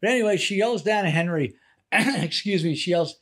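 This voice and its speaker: Family stories fill this casual podcast chat from an older male co-host, whose voice sits high and moves at normal speed. He tells them with animation, performing the quotes in a raised voice.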